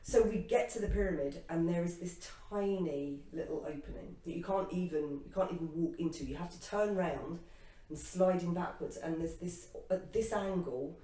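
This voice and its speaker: A woman co-hosting a casual spiritual chat show, telling a personal travel story with lively acted-out reactions and laughter. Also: fairly low pitch, normal speed. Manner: animated, acts out her own past reactions with laughter. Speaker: co-host. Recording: echoey room, distant mic.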